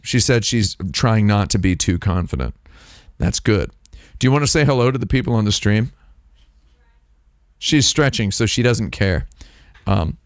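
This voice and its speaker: A man's voice: mid-range voice, no room sound, studio quality. A man hosting a stream, talking in a rambling, playful, jokey way with his mouth right on a dynamic microphone. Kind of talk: casual stream chat. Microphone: close dynamic microphone, mouth on foam.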